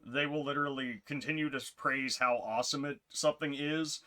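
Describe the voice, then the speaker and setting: A man's voice: steady tone, fairly quick, pushed and bright. A man co-hosting a casual podcast, telling long rambling stories and laughing often. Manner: rambling storyteller, jumps into high voices for quotes. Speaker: podcast co-host. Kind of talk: casual chat.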